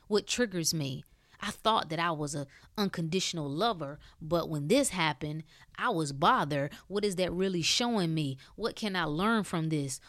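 A woman with a lowish voice delivers a preachy motivational monologue, emphatic and conversational. She swings between loud bursts and soft hushed stretches. The recording is close and dry, with no room sound. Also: no room sound. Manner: casual speech with dropped words. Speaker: wellness speaker.

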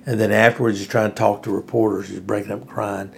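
Gravelly low-voiced man musing aloud. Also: little pitch movement, quick pace, slight background noise. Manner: rambling, earnest, frequent fillers and restarts. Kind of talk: casual spoken commentary.

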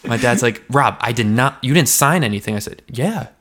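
A medium-pitched male co-host speaks at normal speed over slight background noise. In casual podcast chat he animatedly recounts a story, performing the voices of its characters.

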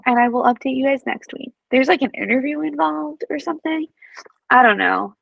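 A podcast co-host chatting loosely and dreamily. Her voice sits a little high and has a gravelly fry. The recording is dry and close, with no room sound. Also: brisk, no room sound, dull audio. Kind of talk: casual chat.

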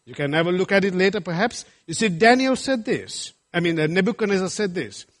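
A man's voice: sits high, big pitch swings, a little fast, a bit bright. A middle-aged male pastor preaching a sermon, emphatic and full of rhetorical questions.

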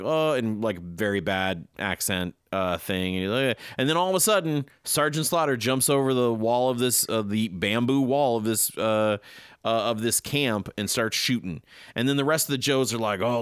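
A man co-hosting a podcast who rambles excitedly through a recap, with many fillers and restarts. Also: lowish voice, dry recording, clean studio sound. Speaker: podcast co-host. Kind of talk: casual chat.

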